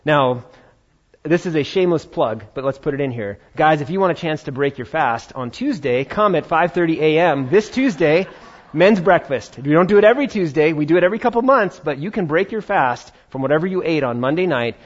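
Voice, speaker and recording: A man preaching a sermon as pastor, talking in a conversational, animated way with playful asides. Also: fairly high pitch, fairly quick. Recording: dull lo-fi sound.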